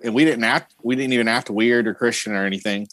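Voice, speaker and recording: A man co-hosting a podcast in relaxed casual chat, his pitch sitting in the middle. His sentences tend to trail off into murmurs. The recording is close and dry. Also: fast, no echo. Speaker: podcast co-host.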